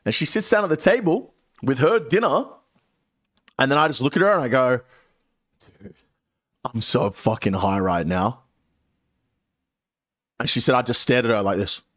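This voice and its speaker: A young man streamer telling a story in a casual way, animated and swearing a lot. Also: mid-range voice, normal speed, pauses often, no room sound, clean studio sound.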